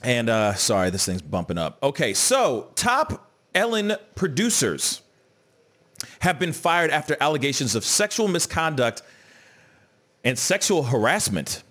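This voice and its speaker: A man hosting a casual podcast, talking in a loose, animated way, peppered with "you know what I'm saying" and "bruh". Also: mid-range voice, unhurried, husky. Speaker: podcast host. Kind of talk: casual chat.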